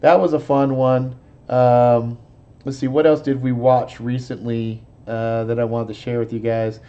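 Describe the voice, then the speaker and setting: Man, host, casual live chat, profane and rambling, dark mellow tone, dull lo-fi sound. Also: mid-range voice, level tone, measured pace. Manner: profane, rambling, laid-back. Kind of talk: casual chat, movie talk.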